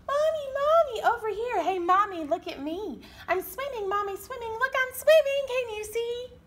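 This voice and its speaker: A woman voicing a small boy penguin chick in a storybook reading, speaking in a high, breathless childlike voice. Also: big pitch swings, takes it slowly, noisy background, exaggerated voice. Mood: excited.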